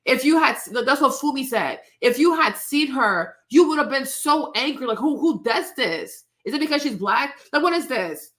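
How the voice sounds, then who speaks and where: A woman's voice: sits high, animated, moderate pace, hardly any pauses, a bit bright. A woman hosting her own show, talking straight to her viewers in outspoken, indignant casual commentary. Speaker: host.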